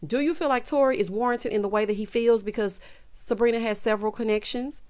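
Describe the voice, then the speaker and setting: A woman giving a casual, sassy recap of a reality dating show, talking often to her viewers and jumping high in pitch to stress a point. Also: fast talker. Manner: sassy, animated, peppered with "child" and "honey"; swoops high in pitch for emphasis. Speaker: TV recap vlogger.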